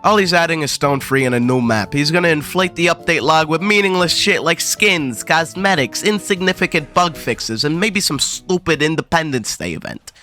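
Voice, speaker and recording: A man's voice: fairly high pitch, animated, normal speed, few pauses, pushed and bright, faint music behind, voice pushed up. A man voicing a skeptical male viewer with a put-on Philadelphian accent, scoffing and dismissive.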